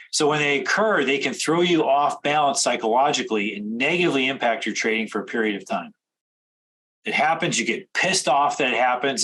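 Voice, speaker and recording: A man coaching traders in a direct instructional talk, firing off rapid questions. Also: medium pitch, sharp tone, breathy edge, low-quality recording. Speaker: trading coach.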